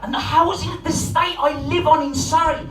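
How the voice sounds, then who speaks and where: A man's voice: very high voice, steady tone, normal speed, fairly bright tone. A man in his forties from England doing a profane, rambling, self-mocking stand-up set. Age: 40s. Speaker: stand-up comedian. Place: comedy club stage before a live audience. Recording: roomy live hall from far off, music behind.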